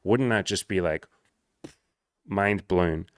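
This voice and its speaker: Deep-voiced blunt, profane man coaching. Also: slow pace, no echo, clean studio sound. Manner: blunt, profane, animated storytelling. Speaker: social skills coach. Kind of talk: direct-to-camera monologue.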